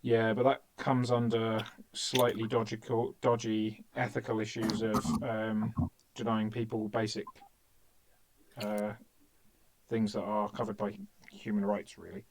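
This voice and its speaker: A man's voice: on the low side, little pitch movement, unhurried, a little hiss or hum. An upbeat man in his thirties with an Essex accent, chatting casually before an online game session and telling stories. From England. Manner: upbeat, storytelling, does voices. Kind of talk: casual pre-game chat.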